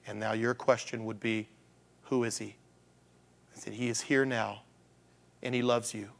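A man's voice: on the low side, flat delivery, unhurried, vocal fry, a bit bright. A male pastor preaching a conversational sermon, asking rhetorical questions and acting out the voices of the people he quotes.

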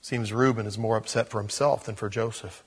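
A man's voice: lowish voice, fairly even intonation, a little fast, slightly rough. A man preaching in a casual teaching style, reading scripture and adding chatty asides with little acted-out quotes. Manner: casual, chuckles at his own asides, acts out quotes. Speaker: pastor. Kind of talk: conversational Bible teaching.

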